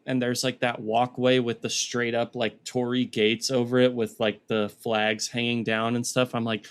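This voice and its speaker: A man chatting casually as a podcast co-host, his voice sitting at an ordinary middle pitch. He rambles with plenty of "um" and "like", now and then slipping into goofy voices to quote someone. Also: little pitch movement, unhurried. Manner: rambling, lots of fillers, puts on goofy voices when quoting. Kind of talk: casual chat.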